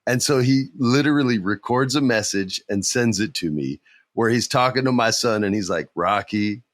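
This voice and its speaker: A middle-aged man hosting a podcast, chatting excitedly about wrestling and telling animated stories. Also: mid-range voice, normal speed, no echo, clean studio sound. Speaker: podcast host. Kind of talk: casual wrestling chat.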